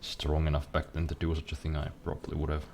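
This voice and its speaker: A man's voice: extremely low pitch, monotone, quick pace, vocal fry, a little mellow, a little hiss or hum. A young man streaming a game, chatting casually in a rambling, profane, self-deprecating way at his computer desk. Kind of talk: casual chat while gaming.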